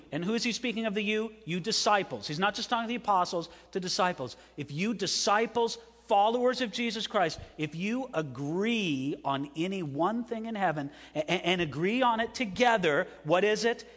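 A man's voice: sits high, a bit bright, in a large hall. A man preaching an evening sermon to a congregation, stressing phrases and asking the room questions. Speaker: pastor.

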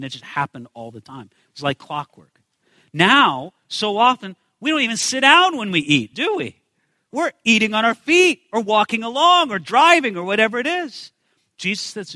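A man's voice: high voice, sharp tone, no echo. A man preaching a sermon as pastor, emphatic, repeating phrases and asking rhetorical questions.

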